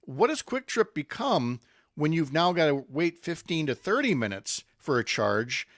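A man's voice: fairly high pitch, big pitch swings, a little slow, fairly bright tone, no room sound, studio quality. A man hosting a radio show, chatting casually with frequent fillers and laughing asides.

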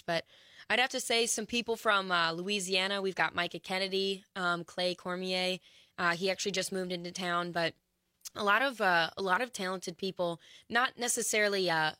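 A woman with a lowish, bright voice rambles through her answers with lots of fillers. Her sentences often trail off quietly, and the sound is dry and close. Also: clear, resonant tone, no echo. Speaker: musician guest. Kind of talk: interview chat.

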